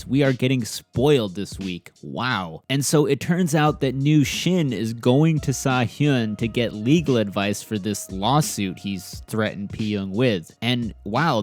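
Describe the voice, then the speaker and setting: A man giving a casual, joking drama recap, swearing freely and briefly acting out the characters' lines. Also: on the low side. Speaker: YouTube drama reviewer.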